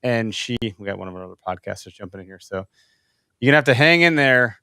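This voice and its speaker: A man hosting a podcast, chatting and telling stories in an animated, casual way. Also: fairly low pitch, fast talker, clean tone, no echo, clean studio sound. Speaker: podcast host.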